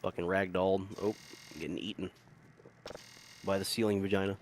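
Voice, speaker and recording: A man's voice: deep voice, level tone, normal speed, background noise. A man chatting casually while playing a game, rambling through stories with swearing and laughter. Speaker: gameplay commentator. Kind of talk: casual gameplay chat.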